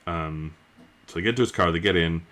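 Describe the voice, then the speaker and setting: A man's voice: low-pitched, brisk, fairly bright tone. A man giving a casual spoken book review, talking in a loose, rambling way with lots of fillers.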